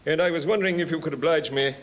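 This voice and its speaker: A man's voice: on the high side, racing, fairly bright tone, pitched above the performer's own voice, lightly acted. An English man playing a pompous old male stage actor on tour who talks in grand, flowery theatrical phrases. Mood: grandiloquent. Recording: 1970s TV studio recording, faint hiss.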